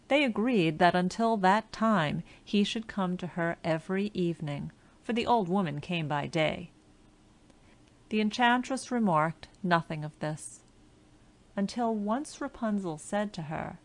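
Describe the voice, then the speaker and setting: A woman reads a fairy tale aloud for an audiobook, taking her time over every phrase. Her voice sits somewhat low for a woman. The delivery stays clear and scripted throughout. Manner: slow, clear storytelling delivery. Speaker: audiobook narrator.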